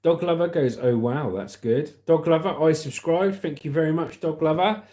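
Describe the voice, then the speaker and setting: On his casual livestream, a British host reads out comments and chats in an upbeat, friendly way, calling viewers "mate" and "legend." His voice is a little high and mellow, at a normal speed.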